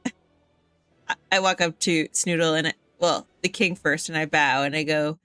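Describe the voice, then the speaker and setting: A woman's voice: sits low, steady tone, normal speed, a bit bright, smooth, no echo, faint music behind. A woman playing a tabletop game, describing her character's actions in a playful way. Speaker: player. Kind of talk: tabletop role-play.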